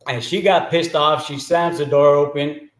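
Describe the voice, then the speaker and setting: A man casually telling a joke story as the host, talking in a chatty way and often clearing his throat. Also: a little high, steady tone, moderate pace, reverberant, rough recording.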